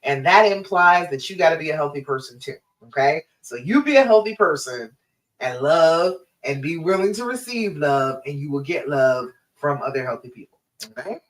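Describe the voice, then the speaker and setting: A woman's voice: sits low, animated, moderate pace, poor audio. Emphatic woman love coach. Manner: encouraging, emphatic, direct address. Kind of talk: live-stream coaching talk.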